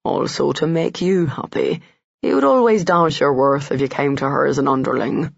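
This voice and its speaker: A dry, grumbling Irish rogue, voiced by a male narrator; gravelly and husky on muffled audio. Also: fairly high pitch, moderate pace, no room sound. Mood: wry. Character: gruff, wry Irishman, Colin's worldly friend.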